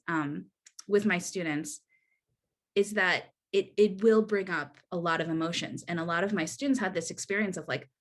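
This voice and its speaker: A woman presenting a workshop over a video call, earnest and conversational, with frequent restarts and a tag of "right?". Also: lowish voice. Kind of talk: online workshop talk.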